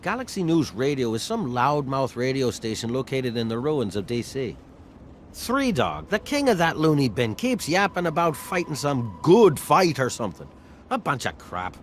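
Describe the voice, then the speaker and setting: An actor with an Irish accent playing a sly, scheming male saloon owner in a video game, talking in a smooth, sardonic, wheedling way. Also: medium pitch, very animated, normal speed, slight background noise, lightly acted. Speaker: game character. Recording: game audio with music underneath.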